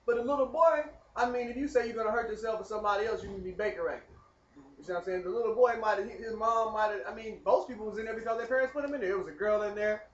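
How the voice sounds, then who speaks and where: A man telling a rambling personal story in casual, animated talk. He speaks straight to the viewer and keeps asking whether they follow. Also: high voice, rapid-fire, dull audio. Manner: animated, talks straight to the viewer, keeps asking "you know what I mean". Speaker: vlogger telling his story.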